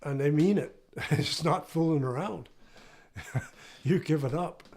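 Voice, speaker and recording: A man's voice: fairly high pitch, unhurried, darkish tone. An older man, a retired professor, telling a personal story in a casual, anecdotal way during an interview. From Canada. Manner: casual, anecdotal, often asks "right?".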